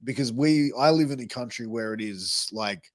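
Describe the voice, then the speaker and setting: In casual podcast talk, a host with an Australian accent speaks loosely, cursing often and using plenty of fillers. His pitch is medium and his pace moderate, recorded dry.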